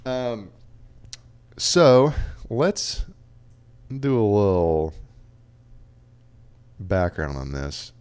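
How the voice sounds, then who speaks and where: A man co-hosting a casual podcast, his voice sitting on the low side. He chats loosely and reads out facts and review quotes. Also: very animated, drawn-out words, pauses often, a little mellow, clear, resonant tone. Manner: chatty, reads out stats and quotes. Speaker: podcast co-host. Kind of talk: casual chat.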